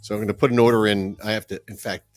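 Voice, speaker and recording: A man's voice: fairly low pitch, flat delivery, racing, soft background music. A man co-hosting a casual podcast chat, cracking dry jokes. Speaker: podcast co-host.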